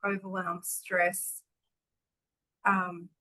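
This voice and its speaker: A woman's voice: lowish voice, little pitch movement, drawn-out words, pushed and bright, low-quality recording. A woman hosting a casual podcast interview, affirming and effusive toward her guest. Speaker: podcast host.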